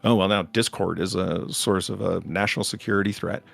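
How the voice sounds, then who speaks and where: A man's voice: deep voice, fairly even intonation, a little fast, vocal fry, no echo, soft background music. A man co-hosting a podcast in casual banter, sarcastic and ranting. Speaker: podcast co-host.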